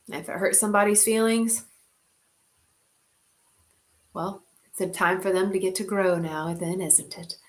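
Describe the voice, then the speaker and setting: A woman's voice: fairly low pitch, fairly bright tone. Candid woman chatting on a video call. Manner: candid and heartfelt, with frequent "like" and some swearing. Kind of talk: casual sharing in an online group.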